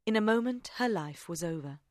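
A woman narrating an audiobook in a measured, even way. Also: medium pitch, very noisy. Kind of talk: audiobook reading.

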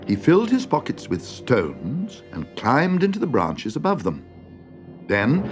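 A man reading a fairy tale aloud in an expressive, dramatic way. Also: fairly low pitch. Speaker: narrator. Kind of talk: storybook reading. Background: music.

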